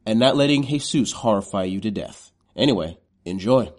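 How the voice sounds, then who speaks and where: A man's voice: on the low side, sing-song, normal speed, hardly any pauses, a little mellow. A man giving a casual, joking introduction to a podcast episode. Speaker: podcast host.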